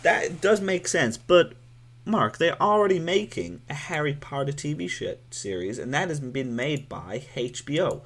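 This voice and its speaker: A man's voice: a little high, expressive, moderate pace, a bit bright. A young man with an American accent co-hosting a satirical comedy podcast, laid-back, trailing off and calling his friend man and dude. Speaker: podcast co-host. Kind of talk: satirical comedy chat as a film bro.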